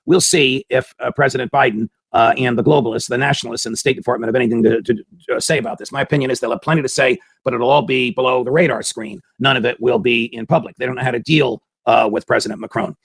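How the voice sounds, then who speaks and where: A man's voice: mid-range voice, fairly even intonation, fast talker, gravelly, slightly rough, no echo. A man hosting a political commentary show, giving an emphatic opinion monologue full of hammering rhetorical questions.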